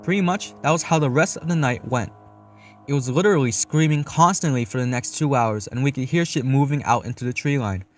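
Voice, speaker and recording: A man's voice: mid-range voice, fairly quick. A young man narrating a first-person horror story in a casual, matter-of-fact way, swearing freely. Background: faint eerie background music.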